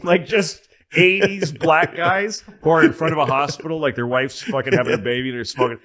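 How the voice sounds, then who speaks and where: A man's voice: fairly high pitch, fairly quick. A man co-hosting a podcast, telling stories in a loose, swearing chat and acting out the people in them. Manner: animated storyteller, acts out voices, swears freely. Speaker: podcast co-host. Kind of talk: casual storytelling chat.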